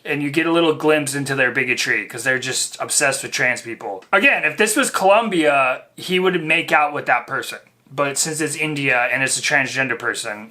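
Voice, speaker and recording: A man hosts a casual reaction commentary, with a bright, forceful tone. He rambles with lots of fillers and mocks what he is reacting to. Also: fairly high pitch. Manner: rambling, filler-heavy, mocking. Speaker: reaction video host.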